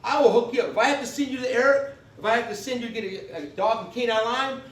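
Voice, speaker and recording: In a convention meeting room, a man teaches a live class on veterans benefits, folksy and emphatic, often asking "okay?". His very high-pitched, fairly bright voice moves fast, recorded from afar in an echoey room with a distant mic.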